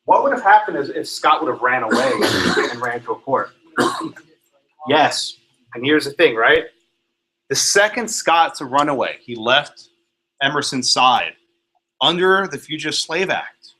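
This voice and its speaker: A man's voice: medium pitch, lively intonation, measured pace, sharp tone, slightly rough, rough recording. A man teaching a law class in a classroom, calling on students by name and tagging his points with "right?" and "okay?". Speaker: law professor. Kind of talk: Socratic classroom lecture.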